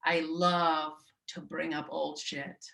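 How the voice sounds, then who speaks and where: A woman in her thirties doing a stand-up set, wry and deadpan in her storytelling. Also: deep voice, takes it slowly, gravelly, rough recording. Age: 30s. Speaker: stand-up comedian.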